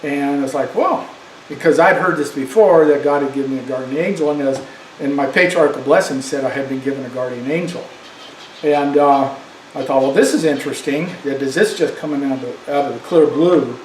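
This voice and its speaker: A man's voice: medium pitch, brisk. An older man telling a personal story in a casual, rambling way, full of fillers and restarts. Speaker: vlogger. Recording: roomy echo with faint background noise.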